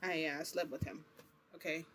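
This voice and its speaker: A woman's voice: low-pitched, steady tone, moderate pace, fairly bright tone, slight background noise. A woman vlogger telling a personal story in a casual, rambling way, full of fillers and asides. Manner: rambling, chatty, many fillers.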